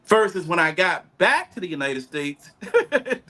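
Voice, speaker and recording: A man chatting casually on a podcast, telling stories and putting on quick voices for other people. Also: high-pitched, very animated, crowd noise.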